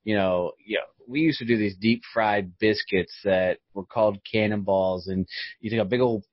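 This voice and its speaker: A man's voice: lowish voice, normal speed, no room sound, highs cut off. A man hosting a podcast interview, chatting casually, joking and restarting his sentences. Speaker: podcast host.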